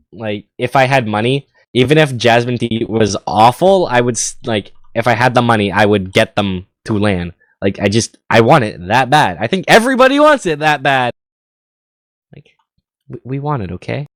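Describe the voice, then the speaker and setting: A man casting a live esports match, slightly hoarse, excitable and tripping over his words on a headset mic. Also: medium pitch, moderate pace, no room sound. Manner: excitable, stammering restarts. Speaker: esports caster.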